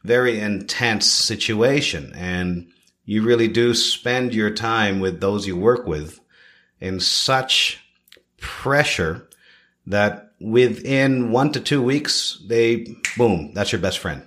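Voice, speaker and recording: A man in his thirties from Canada, a chef telling his story in a podcast interview with expressive swings and repeated phrases. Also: fairly low pitch, takes it slowly. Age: 30s. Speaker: chef, guest.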